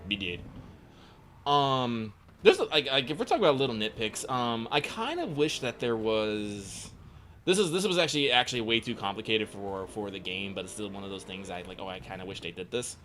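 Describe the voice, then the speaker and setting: A male co-host in casual chat about games with a mid-pitched voice. He hesitates, circles back and fills gaps with ums, over faint background noise. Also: animated, moderate pace, fairly bright tone. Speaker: podcast co-host.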